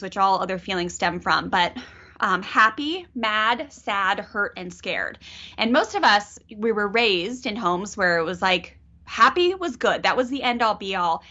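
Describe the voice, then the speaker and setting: A middle-aged woman coaching a parent on a call, animated and acting out child and parent voices. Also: mid-range voice. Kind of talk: coaching a caller. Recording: dull lo-fi audio.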